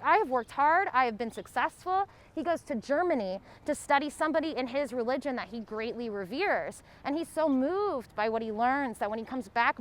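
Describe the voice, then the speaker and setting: A woman tour guide telling history as a casual, lively story to a group on an outdoor city street. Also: fairly high pitch.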